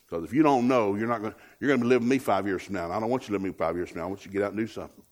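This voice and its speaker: A man preaching a lively, joking sermon as a guest speaker, with a husky voice. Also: fairly low pitch, very fast, few pauses.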